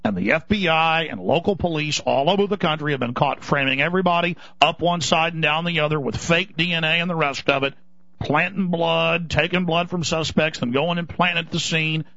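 A man's voice: fairly high pitch, brisk, bright, forceful tone, dry recording. A man hosting a talk radio show, delivering an urgent, indignant monologue and slipping into mocking voices. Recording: dull lo-fi radio broadcast.

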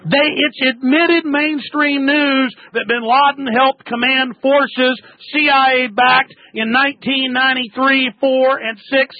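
A man hosting a talk radio show, ranting angrily and shouting insults at callers, with a gravelly, husky voice on a tinny broadcast. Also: very high-pitched, fairly even intonation, measured pace, few pauses, no room sound. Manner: angry, shouting tirades at callers.

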